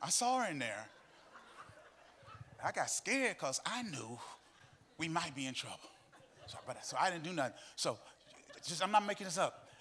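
Middle-aged man preaching in a church, voice swoops up and down, sings and shouts his lines. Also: a little high, big pitch swings, normal speed, long pauses, slight background noise. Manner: storytelling preacher who breaks into sung, shouted cadences. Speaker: pastor. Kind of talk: sermon. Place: church sanctuary.

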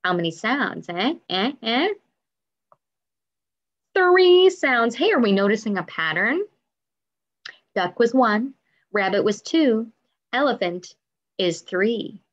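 A woman's voice: mid-range voice, lively intonation, dull audio. Sing-song woman teaching kids music. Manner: sing-song, drawn-out syllables, encouraging questions. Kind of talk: online music lesson for young children.

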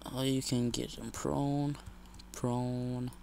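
A man giving casual, excitable commentary over a shooter game, jumping from shouts to muttered whispers. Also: medium pitch, very slow, creaky, slight background noise. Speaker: gamer commentator.

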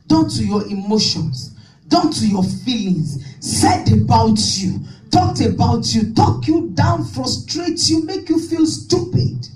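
A woman's voice: medium pitch, a little mellow. A woman pastor preaching a fervent sermon, repeating her points and calling out to the congregation. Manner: fervent, repetitive preaching with call-and-response. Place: church hall. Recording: echoey hall, distant mic.

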